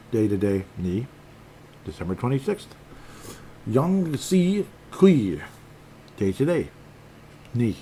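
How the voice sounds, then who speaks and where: A middle-aged man hosts a casual sports podcast, rambling through stats with frustrated, self-deprecating asides. His voice is on the low side with a darkish tone, and there's slight background noise.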